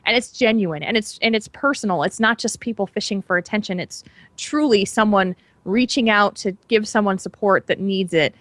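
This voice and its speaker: A woman's voice: mid-range voice, normal speed, a bit bright, no room sound. Woman cohosting a podcast, gushy and upbeat, dry close sound. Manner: enthusiastic, gushing. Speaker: podcast co-host. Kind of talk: casual podcast chat.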